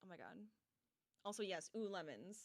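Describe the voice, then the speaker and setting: A woman's voice: fairly low pitch, big pitch swings, moderate pace. A young adult woman streaming as she crochets, chatting casually and animatedly with her viewers and laughing often.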